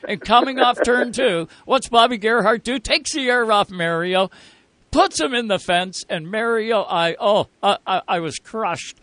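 High-voiced animated male co-host. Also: moderate pace, no echo. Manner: animated storyteller, laughs often. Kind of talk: casual talk show chat.

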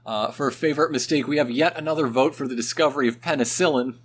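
A man co-hosting a podcast in casual chat, talkative and quick to laugh. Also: mid-range voice. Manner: chatty, laughs often, lively. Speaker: podcast co-host.

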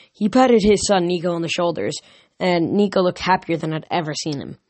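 A man's voice: high voice, brisk, dry recording. A man reading a novel aloud casually, with small slips and restarts. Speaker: audiobook reader. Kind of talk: amateur audiobook reading.

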